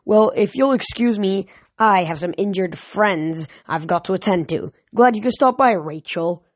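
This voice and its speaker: A brisk, sharp-tongued teen girl demigod, as a male reader puts her on in a storybook reading. She is clipped and a notch higher and louder than the narration. The sound is close and dry. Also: no room sound. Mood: curt.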